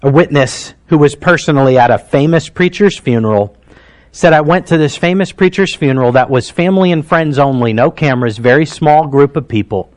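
A man in his thirties, fairly high in pitch and a little fast, preaches as a pastor. He delivers his sermon as heartfelt, emotional storytelling, going quiet and then rising to emphasis.

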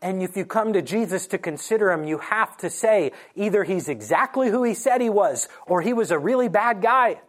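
At a church morning service, a preacher with a mid-pitched voice delivers a sermon as animated storytelling. Quoted lines are acted out with sudden lifts in pitch, and he slows down deliberately to press home key points.

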